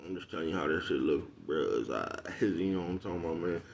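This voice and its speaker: Low, animated, and fast, with vocal fry, this man's voice carries a vlogger's casual street-slang monologue to his followers. He laughs a lot and keeps asking "you know what I'm talking about."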